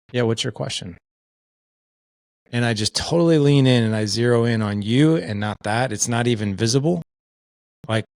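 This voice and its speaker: A middle-aged man, a podcast guest, telling stories in an earnest, animated way with plenty of filler words. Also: on the low side, no echo. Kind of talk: casual conversation.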